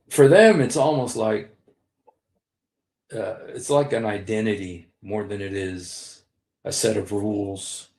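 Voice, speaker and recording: A man in his sixties, low and creaky with a darkish tone, gives casual livestream commentary, rambling, repeating key phrases and addressing his viewers directly. The recording carries a roomy echo.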